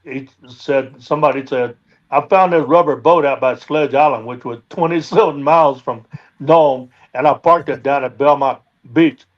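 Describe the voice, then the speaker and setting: A man's voice: mid-range voice, normal speed, highs cut off. A man, a guest on a live stream, telling boat stories in a rambling way with many fillers. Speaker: guest, dredge boat owner. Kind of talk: casual storytelling.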